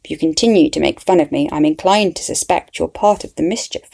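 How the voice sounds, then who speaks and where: A woman's voice: sits low, a little fast, gravelly, darkish tone. A woman voicing a pompous, prying middle-aged male investigator in a storybook reading. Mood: probing. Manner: prying, condescending.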